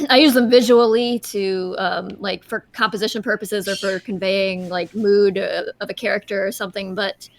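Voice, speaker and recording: A woman's voice: medium pitch, steady tone, moderate pace, a little hiss or hum. A woman artist answering fan questions on a casual livestream, thoughtful and hesitant, with many fillers.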